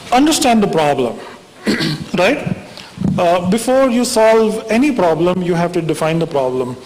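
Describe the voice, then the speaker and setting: A man's voice: high voice, unhurried, a little mellow. A man giving a wry, conversational conference talk, often checking in with the audience by asking "right?". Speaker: conference speaker. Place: conference hall. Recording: reverberant hall, faint background hiss.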